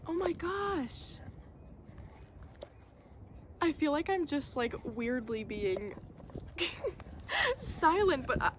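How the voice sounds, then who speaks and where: A woman vlogger unboxing tarot decks outdoors, gasping and halting, overwhelmed with delight. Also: high voice, lively intonation, slight background noise. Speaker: vlogger opening tarot mail. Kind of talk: casual unboxing chat. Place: outdoors at a table on a windy day.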